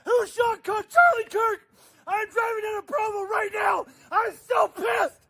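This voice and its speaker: A man yelling through tears from inside his car, his voice cracking up into a very high, gravelly, piercing shriek. He sobs and shouts in furious bursts. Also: unhurried, poor audio. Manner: ranting and yelling, sobbing. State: crying while shouting. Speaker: angry bystander filmed in a car. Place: inside a car while driving.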